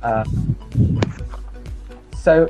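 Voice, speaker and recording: A man's voice: very slow, darkish tone, faint music behind, rough recording. A man hosting an online English conversation club, talking casually with many fillers and restarts. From New Zealand.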